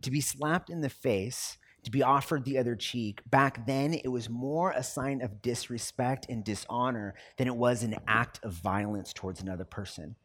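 A man's voice: medium pitch, normal speed, few pauses, a bit bright. A man preaching a sermon as a pastor, talking conversationally and acting out everyday quotes.

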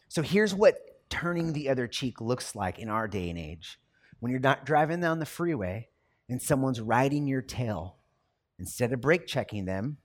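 A man preaching a sermon as a pastor, talking conversationally and acting out everyday quotes. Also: mid-range voice.

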